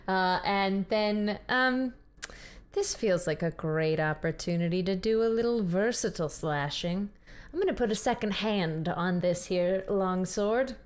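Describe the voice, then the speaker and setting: A woman playing a tabletop game, answering in character with dry, deadpan replies. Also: medium pitch, unhurried, clear, resonant tone. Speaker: player.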